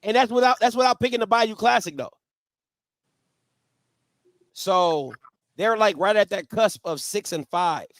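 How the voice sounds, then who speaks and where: A man's voice: high voice, unhurried, pauses often, no room sound. A man hosting a sports talk show, debating football in an emphatic style and repeating his points.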